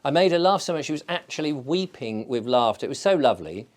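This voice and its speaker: A man's voice: mid-range voice, animated, fast. Chatty, rambling male vlogger. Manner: digressive storyteller, chatty with many fillers. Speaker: channel host. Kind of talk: casual rambling vlog chat.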